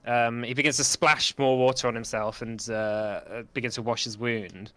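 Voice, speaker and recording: A man's voice: medium pitch, moderate pace, pushed and bright, smooth, dry recording. A man running a tabletop game as game master, narrating hesitantly with many fillers. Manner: hesitant, many ums and likes.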